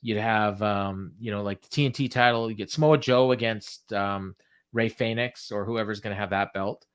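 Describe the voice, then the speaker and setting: A man's voice: lowish voice, moderate pace, clear, resonant tone. Rambling man recapping a show. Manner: rambling with many fillers, reads quotes aloud. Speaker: podcast co-host. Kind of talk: casual recap chat.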